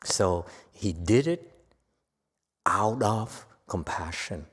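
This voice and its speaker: A man's voice: fairly low pitch, animated, very slow, husky. A man giving a Buddhist dharma lecture in a temple hall, talking to the audience in a teasing, conversational way and asking them questions. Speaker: Buddhist teacher.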